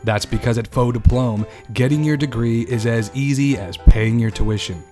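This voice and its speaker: A man's voice: medium pitch, moderate pace, dark tone, natural voice. A man voicing an eager customer and announcer in a mock radio commercial, with an earnest, salesy delivery over a faint music bed. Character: eager male customer and announcer in a spoof degree ad.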